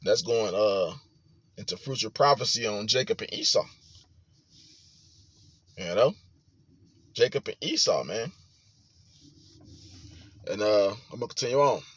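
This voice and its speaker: A man reading scripture aloud with sermon commentary, forceful and profane, rising to loud emphatic reading. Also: fairly low pitch, expressive, a little slow, long pauses. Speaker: preacher.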